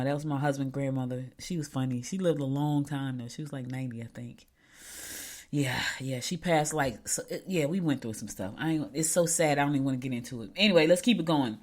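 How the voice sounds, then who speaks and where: A middle-aged woman hosting a local show, telling stories in a rambling, chatty way. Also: sits low. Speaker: local radio show host. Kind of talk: casual chat.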